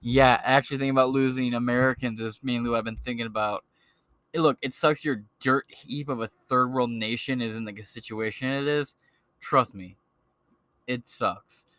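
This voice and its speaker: A man's voice: medium pitch, fairly even intonation, moderate pace, fairly bright tone, clean tone, no room sound. A man hosting a podcast, ranting in a blunt, crude and mocking way. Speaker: podcast host. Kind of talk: profane political rant.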